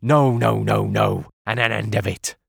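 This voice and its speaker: A man voicing a gruff, hot-tempered old male sea captain who talks bluntly and forcefully. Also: lowish voice, slow pace, no echo, studio quality, exaggerated voice. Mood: defiant.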